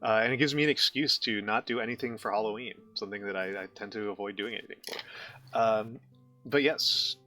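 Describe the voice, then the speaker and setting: A man hosting a stream and chatting casually. He talks haltingly, with many fillers and repeated words. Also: lowish voice, pushed and bright, faint music behind. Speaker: streamer host.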